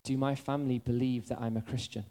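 A man preaching a sermon, telling funny stories about himself and then easing into soft, earnest appeals. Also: medium pitch, fast talker. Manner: animated storytelling, drifting into soft earnest appeals.

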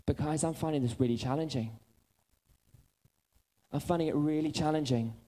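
A man in his thirties preaching a sermon, earnest and building to excited urgency. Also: a little high, moderate pace.

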